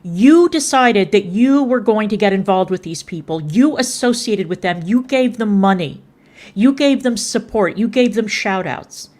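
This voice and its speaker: A woman's voice: medium pitch, lively intonation, a little slow, darkish tone. A woman streamer scolding someone in heated livestream commentary, contemptuous and swearing freely.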